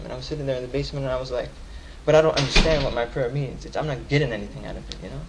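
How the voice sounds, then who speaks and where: A young man giving a Friday sermon in casual slang, repeating lines for emphasis and swinging from loud urging to soft storytelling. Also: medium pitch, fairly even intonation, racing, few pauses, noisy background. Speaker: khutbah speaker.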